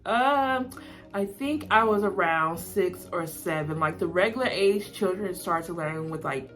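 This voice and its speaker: A young female vlogger with a Southern American accent rambles casually through a get-to-know-me video, saying "like" a lot and laughing frequently. Her voice is fairly low and bright, and she talks a little slowly.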